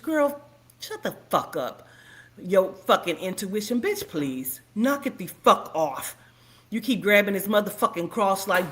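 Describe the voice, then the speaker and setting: A woman's voice: medium pitch, lively intonation, unhurried, a bit bright. A woman livestreaming, commenting in a profane, heated rant.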